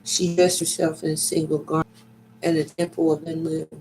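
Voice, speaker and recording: A man giving a slow, dramatic reading of an ancient myth, with deliberate pacing and sudden loud cries. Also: on the high side, flat delivery, a little hiss or hum, low-quality recording.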